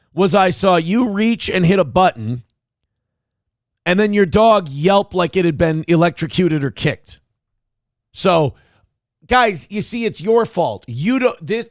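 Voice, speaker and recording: A man's voice: high voice, no room sound, clean studio sound. A man hosting a show, reacting to a clip with angry, mocking commentary full of swearing. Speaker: show host.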